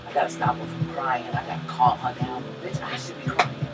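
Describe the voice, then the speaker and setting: A woman co-hosting a podcast, telling a profane, animated story that swings between loud and hushed. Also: a bass voice, fairly quick. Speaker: podcast co-host. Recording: distant mic with music behind.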